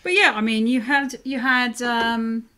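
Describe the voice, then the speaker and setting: A woman in her forties, co-hosting a casual podcast chat in a chatty, animated way with frank mild swearing. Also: a little high, unhurried. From United Kingdom. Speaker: podcast co-host.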